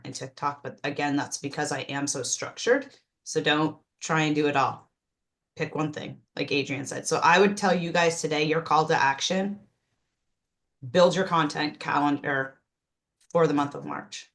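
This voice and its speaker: A woman coaching a team on a video call, energetic, with frequent "um"s and restarts. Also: low-pitched. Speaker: team trainer leading a call. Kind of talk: casual group video call.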